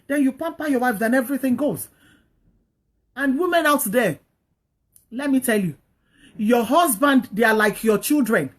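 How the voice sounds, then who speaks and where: A woman's voice: sits high, animated, moderate pace, pauses often. A woman giving casual, preachy marriage advice, repeating her points earnestly and acting out what couples should say. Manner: earnest, repetitive, preachy, acts out quoted speech. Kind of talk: casual advice talk to an online audience.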